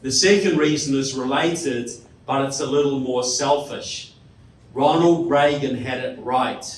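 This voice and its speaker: A man's voice: medium pitch, measured pace, slight background noise. A man from New Zealand with a New Zealand accent, giving a joking, rhetorical speech to a live audience and asking the crowd questions. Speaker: guest speaker. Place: hall with audience. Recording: roomy hall from a distant mic.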